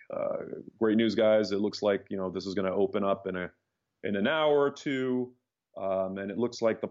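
A man telling his story as a podcast guest, rambling and animated, with many restarts. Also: on the low side. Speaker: interview guest, startup founder. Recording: dull lo-fi podcast audio.

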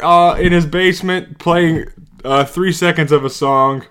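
A man in his thirties hosting a solo podcast from his basement. He rants and jokes, jumping from loud mocking bits to low muttered asides. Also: unhurried, smooth. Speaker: podcast host. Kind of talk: solo comedic rant. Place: home basement.

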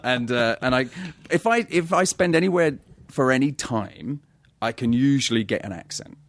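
A man, an actor, chatting casually and telling animated stories with frequent laughter. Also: mid-range voice, normal speed. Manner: animated storyteller, laughs often. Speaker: actor guest. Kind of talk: casual chat.

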